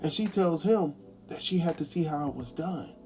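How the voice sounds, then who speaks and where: A man's voice: fairly high pitch, soft background music. A man hosting a casual TV episode recap, chatty and colloquial, acting out the characters' lines as he goes. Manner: animated, acts out characters' lines in quick impressions; chatty, colloquial, laughs at his own asides. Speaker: recap show host.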